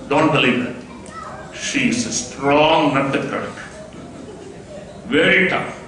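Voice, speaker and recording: A man gives a measured, earnest guest-of-honor speech at a school event. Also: medium pitch, a bit bright. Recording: echoey hall from far off, noisy.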